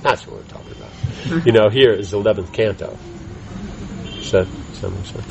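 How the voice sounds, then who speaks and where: A man's voice: on the low side, creaky, a little mellow, dull audio, slight background noise. A man teaching a conversational scripture class, often restarting his sentences and checking in with "right?". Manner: halting restarts, keeps asking "right?".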